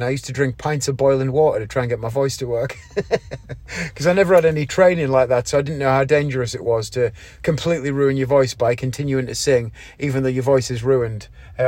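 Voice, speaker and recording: A man's voice: mid-range voice, darkish tone, dry recording. Chatty man rambling on a podcast. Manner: rambling and chatty, with frequent ums and asides. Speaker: podcast host and variety magician. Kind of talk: casual podcast monologue.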